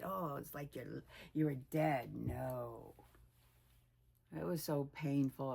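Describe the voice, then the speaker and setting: Sixties lady vlogging, low voice, takes her time, kinda rambly, goes whispery sometimes. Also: vocal fry, mellow. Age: 60s. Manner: reflective, rambling, drops to whispers at times. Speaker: weight loss vlogger. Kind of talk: candid personal vlog.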